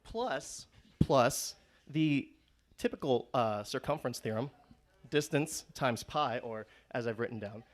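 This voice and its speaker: A man's voice: mid-range voice, expressive, a little slow. A young man performing a student stand-up set, rambling and restarting his sentences. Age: young adult. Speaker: stand-up comedian.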